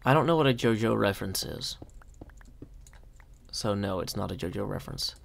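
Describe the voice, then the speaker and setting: A man's voice: fairly low pitch, expressive, moderate pace, creaky, long pauses. A man from Nashville chatting casually on a live stream, reading out viewer comments with a self-deprecating, talkative manner. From Nashville, USA. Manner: chatty, self-deprecating, reads chat aloud.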